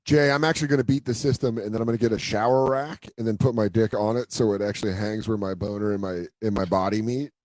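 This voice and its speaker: A man's voice: on the low side, steady tone, fast, hardly any pauses, a little mellow, slight background noise. A man co-hosting a podcast, teasing his friends with wry, mock-formal asides. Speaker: podcast co-host. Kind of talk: crude casual banter.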